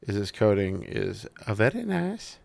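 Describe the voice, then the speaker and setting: In this relaxed unboxing, a tech reviewer swears, jokes, and gets excited with viewers as he looks over a gaming mouse. He speaks at a measured pace in a fairly low, gravelly voice, and the recording is dry.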